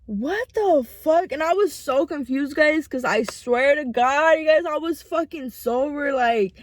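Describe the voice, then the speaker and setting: A young woman telling a storytime vlog in a loose, rambling way, full of swearing and fillers. Her voice is a bit high, and the sound is dry and close to the mic. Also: unhurried, no room sound. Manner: profane, rambling, animated retelling. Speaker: vlogger. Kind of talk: casual storytime chat. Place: home.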